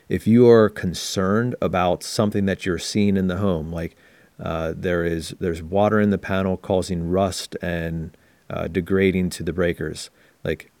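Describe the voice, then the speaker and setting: Low-voiced man explaining on a podcast. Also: darkish tone, no echo. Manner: explanatory, illustrates points with acted examples. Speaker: podcast co-host. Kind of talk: casual podcast talk.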